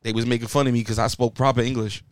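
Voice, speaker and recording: A young man from New York on a podcast, chatting casually and telling animated stories in which he acts out what others said. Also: medium pitch, rapid-fire, no echo. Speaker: podcast co-host. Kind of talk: casual chat.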